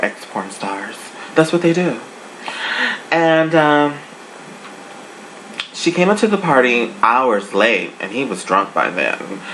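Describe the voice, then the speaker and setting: A sassy, dishy adult reviewer talking casually and swooping the voice up and down to make points. The voice sits in an ordinary middle register. A clear hiss of room noise runs under the speech. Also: fairly bright tone, rough recording. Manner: sassy, dishy, big pitch swings. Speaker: online show reviewer.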